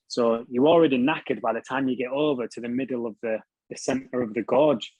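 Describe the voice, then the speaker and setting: British male guest, husky, blunt, swears freely, self-mocking. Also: medium pitch, darkish tone, no echo, highs cut off. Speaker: interview guest. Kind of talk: casual storytelling.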